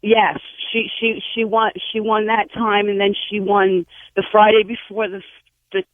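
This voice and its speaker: A woman calling in to a radio show, gushing and excitable as she chats over the phone. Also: medium pitch, unhurried, no echo. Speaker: caller. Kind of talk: phone-in chat. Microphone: telephone. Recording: tinny phone line.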